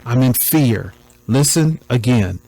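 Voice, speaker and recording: A man with a mid-range voice talks through a recording point by point. His delivery is deliberate and preacher-like, with repeated phrases for emphasis. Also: mid-range voice, animated, vocal fry, mellow, a little hiss or hum, low-quality recording. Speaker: commentator. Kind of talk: commentary on a recording.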